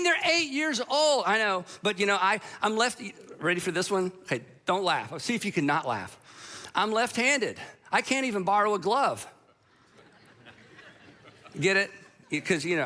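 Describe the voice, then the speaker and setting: A man preaches in a high, bright voice, turning the sermon into relaxed, conversational storytelling. He pokes fun at himself as he goes. His tone stays light and easygoing. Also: a little fast. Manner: conversational storytelling with self-deprecating humor. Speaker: pastor. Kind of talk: sermon to a live audience.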